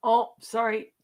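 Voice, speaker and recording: A woman co-hosting a casual live stream, playful and quick to laugh. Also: a little mellow. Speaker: co-host.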